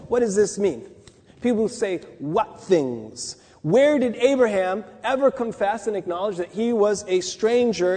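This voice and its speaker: A man with a high, husky voice preaches a sermon, talking it through conversationally and posing rhetorical questions. His words ring out with a long reverb, as in a large hall. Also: a little mellow.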